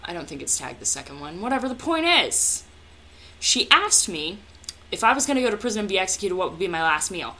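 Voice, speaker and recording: A woman's voice: fairly low pitch, big pitch swings, a little fast, pushed and bright. A young woman chatting casually as a vlogger, answering viewer questions in a hyper, jokey way with plenty of swearing. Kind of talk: casual chat.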